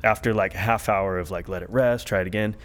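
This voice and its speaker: A man's voice: low-pitched, steady tone, fast. A man guest on a podcast, telling a long story in a laid-back, rambling way, full of likes and ums. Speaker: podcast guest, harmonica player. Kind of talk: casual storytelling chat.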